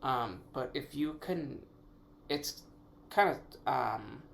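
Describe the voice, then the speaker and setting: A man's voice: medium pitch, animated, slow, creaky, fairly bright tone, a little hiss or hum. A man hosting his own podcast, thinking aloud in a casual, rambling way, correcting himself as he goes and swearing now and then. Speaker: podcast host. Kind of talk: casual solo podcast musing.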